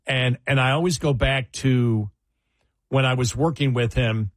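Older male talk radio host, halting. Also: mid-range voice, dry recording. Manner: halting, many fillers and restarts, laughs through stories. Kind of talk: casual on-air reminiscing. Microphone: studio microphone.

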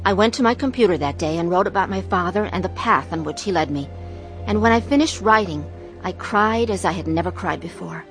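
A woman's voice: on the low side, a little fast, music in the background, close to an everyday voice. An actress playing a middle-aged wife who narrates her own troubled story in an earnest, confessional way. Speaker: narrator and main character. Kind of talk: dramatized testimony narration.

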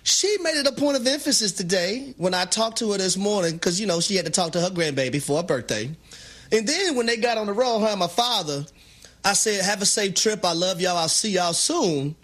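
High lively guy on sports radio, preachy and hyped, bright voice. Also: fairly quick. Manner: animated, preacher-like exhortation. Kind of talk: sports talk radio banter.

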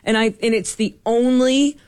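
Lively middle-aged woman telling stories. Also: a little high, normal speed, smooth, no room sound, studio quality. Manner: animated, acts out quoted dialogue. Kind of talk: casual storytelling chat.

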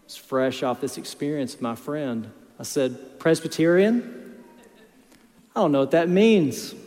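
A man in his thirties preaching a sermon as pastor, moving between quiet storytelling and loud, emphatic exhortation. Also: a little high, unhurried, in a large hall.

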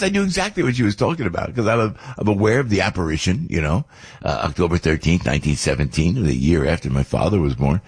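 Older man, radio host, low husky voice, lively rambling delivery. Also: fast talker, dry recording. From Italian-American. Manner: rambling, animated, chatty with restarts. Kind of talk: casual storytelling monologue.

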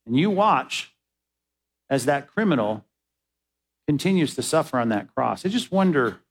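A man's voice: mid-range voice, husky, low-quality recording. A male pastor giving a sermon, telling a story and rising into emphatic exhortation.

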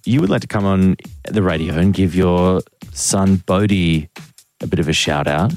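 A man's voice: sits low, normal speed, darkish tone, soft background music. Easygoing Australian radio host man. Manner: easygoing, chummy, laughs often. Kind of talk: casual radio banter.

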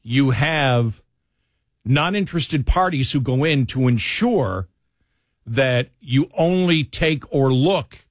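A male radio host in a studio, rambling through banter and then reading a column aloud. His mid-pitched voice sounds dry and close, with hardly any room around it. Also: expressive, slow pace, no room sound. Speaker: radio talk show host. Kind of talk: casual talk radio banter and commentary. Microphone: studio headphones and mic.

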